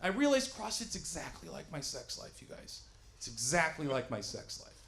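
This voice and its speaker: Stand-up comic, thirties, high voice, yells bits, faint room hiss. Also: male voice, sing-song, normal speed, vocal fry. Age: 30s. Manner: loud, yelling bits, self-mocking. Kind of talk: stand-up comedy set. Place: small studio stage with live audience.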